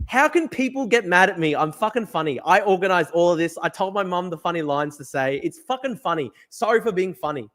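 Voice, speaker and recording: Brash young man, fast. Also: sits high, animated, fairly bright tone. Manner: laughing, brash, swearing, reads comments aloud. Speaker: host. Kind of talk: livestream chat.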